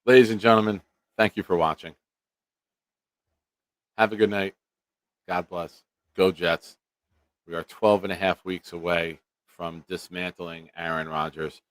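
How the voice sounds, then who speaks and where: A man's voice: deep voice, steady tone, measured pace, pauses often, no echo. A young man hosting a casual live-stream sports show, blunt and joking with his viewers. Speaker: show host.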